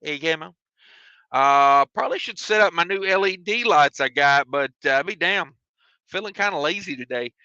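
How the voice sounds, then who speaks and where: A man's voice: fairly high pitch, animated, moderate pace, pushed and bright, clean tone, no echo, dull audio. A man, a trucker chatting on his live stream from his truck cab and reading out viewer comments with jokes. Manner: drawling, joking, self-mocking.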